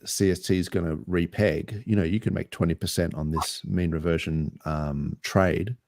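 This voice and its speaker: A man with an Australian accent co-hosting a casual podcast chat, relaxed and rambling with easy laughs. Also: low-pitched, moderate pace, gravelly, a little hiss or hum. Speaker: podcast co-host.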